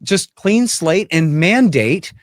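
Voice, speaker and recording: A man with a fairly high voice gives blunt, emphatic political commentary as an interview guest. He sounds opinionated and forceful. The recording is dry and close. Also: animated, slow, no echo.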